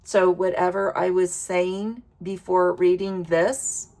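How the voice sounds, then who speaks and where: Slow gravelly-voiced woman reading oracle cards. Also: on the low side, flat delivery, darkish tone. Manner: slow, sighing, emotional, self-interrupting. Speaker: oracle card reader. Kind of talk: casual oracle card reading vlog. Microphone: wireless earbuds.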